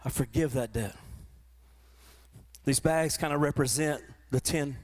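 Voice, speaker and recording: A man preaching a sermon to his church, often repeating and restarting words, and rising into animated quoted voices. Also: medium pitch, measured pace. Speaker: pastor. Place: church in front of a congregation.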